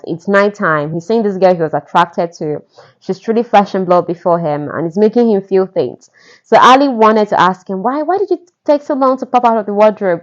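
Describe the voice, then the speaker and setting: A woman casually retelling a romance novel, gushing and talking straight to the listener. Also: fairly low pitch. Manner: gushing, conversational, asides to the listener. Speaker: podcast narrator retelling a novel. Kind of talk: casual chatty storytelling. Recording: dull lo-fi recording.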